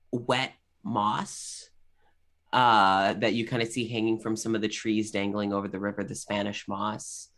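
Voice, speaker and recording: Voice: mid-range voice, a bit bright. A game master narrating a tabletop game scene in a loose, rambling way with many fillers. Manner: rambling, filler-heavy description.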